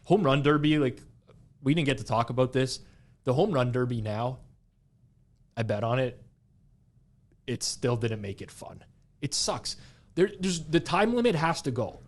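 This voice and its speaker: This is a young adult man co-hosting a casual podcast chat, with a voice pitched in the ordinary middle for a man. He gets animated and rambles, running sentences together and leaning on "like" as he goes. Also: measured pace, long pauses. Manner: animated, rambling, heavy use of "like". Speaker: podcast co-host.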